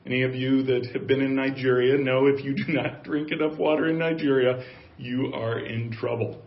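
A man's voice: mid-range voice, flat delivery, brisk. A male pastor preaching a sermon, emphatic and given to repeating key phrases for weight. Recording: echoey, dull lo-fi room sound.

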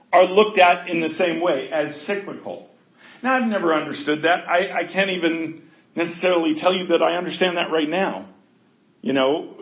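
Man preaching in an echoey hall. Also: a little high. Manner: informal, checks in with listeners often. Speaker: pastor. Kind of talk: conversational sermon. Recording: echoey, dull lo-fi recording.

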